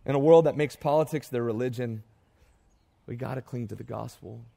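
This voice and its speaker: A young man preaches a heartfelt farewell sermon to his congregation. His voice is mellow and warm, at an ordinary middle pitch. He builds in emphatic, repeated phrases and his voice catches with emotion. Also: gravelly. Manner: builds to rising emphatic repetition, then tearful and halting. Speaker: pastor.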